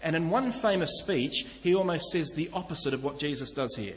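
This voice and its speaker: Kiwi pastor preaching, earnest, talks right at you, bit high voice, hall echo. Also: male voice, animated, fairly quick. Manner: earnest teaching, direct address to listeners. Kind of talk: sermon. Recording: echoey hall, slightly dull sound.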